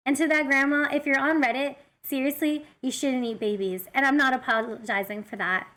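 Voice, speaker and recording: A woman VTuber reading Reddit posts aloud and commenting on them in a giggly, animated way. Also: high-pitched. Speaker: VTuber streamer.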